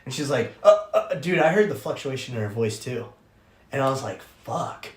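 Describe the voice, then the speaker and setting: Animated young man telling a story. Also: medium pitch, moderate pace. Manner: animated, profane, acts out quoted voices. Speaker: podcast host. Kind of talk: casual storytelling. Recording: roomy echo.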